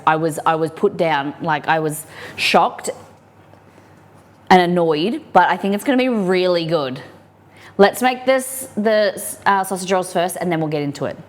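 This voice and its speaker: A woman's voice: fairly low pitch, slight background noise. An Australian woman hosting a casual live cooking stream, chatting as she cooks and reading viewer comments aloud. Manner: chatty, reads viewer comments aloud, talks to her dog. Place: home kitchen.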